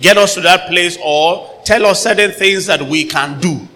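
A male pastor preaches with a fairly high, bright and forceful voice, often calling on the congregation for an amen. He bursts into loud acted-out voices as he retells stories. The sound rings with long hall reverb over faint background noise. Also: a little slow. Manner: calls for amens, acts out voices loudly. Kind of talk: sermon.

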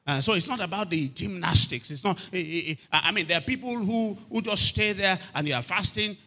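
A pastor preaches by telling a story, repeating phrases and asking listeners if they're hearing him. His high-pitched, animated voice is brisk and sharp-toned, with few pauses.

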